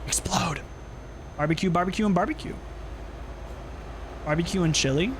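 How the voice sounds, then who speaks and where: A man's voice: a little high, a bit bright, a little hiss or hum. A young man streaming a driving game, chatting casually with viewers and reacting aloud to the road. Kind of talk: casual gameplay commentary. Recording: game music behind.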